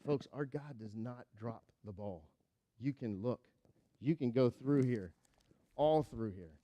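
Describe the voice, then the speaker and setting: A man preaching a sermon, telling a Bible story with lively acted-out voices and then dropping to a quiet, earnest tone. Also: medium pitch, slow, dull audio. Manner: animated storytelling, acting out the characters with big swings in loudness; drops to a quiet, earnest tone when applying the lesson. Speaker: pastor.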